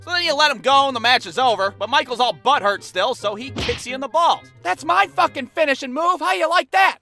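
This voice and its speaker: Male comic narrator, late 20s, high bright voice, faint music under it. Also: animated, a little fast. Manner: crude, brash and exaggerated. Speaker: comedic storyteller. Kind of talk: animated comedy storytelling.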